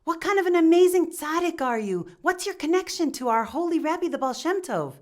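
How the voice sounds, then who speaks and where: A woman's voice: extremely high pitch, lively intonation, fairly quick, voice pushed up. A woman voicing eager male disciples who plead insistently for an answer.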